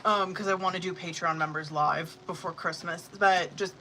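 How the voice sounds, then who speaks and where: A man's voice: sits high, steady tone, normal speed, pushed and bright, a little hiss or hum. A man doing a casual, profane, chatty live tarot stream on his phone, laughing often. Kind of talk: casual livestream chat.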